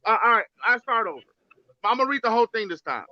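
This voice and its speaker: A man in a heated casual debate, reading a transcript aloud haltingly with many restarts. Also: extremely high pitch, sing-song. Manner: reads haltingly with restarts, apologetic. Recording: dull lo-fi stream audio.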